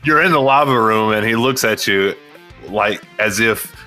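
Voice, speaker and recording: A man's voice: lowish voice, moderate pace, sharp tone, faint music behind. A man narrating a tabletop role-playing game as game master in a loose, profane style, often laughing.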